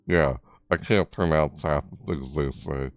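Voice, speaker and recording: A man giving a casual, rambling commentary on a video game, full of fillers, his voice jumping high when surprised. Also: a little slow, dry recording. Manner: rambling, easily amazed, many fillers. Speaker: gaming YouTuber.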